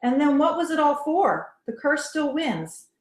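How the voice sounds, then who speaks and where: A woman's voice: high voice, sing-song, measured pace, pitched above the performer's own voice. A woman reading the lines of a brooding young man who pleads with his partner not to take a risk, in an earnest, pleading way. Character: brooding young man, worried and protective lover. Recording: roomy echo.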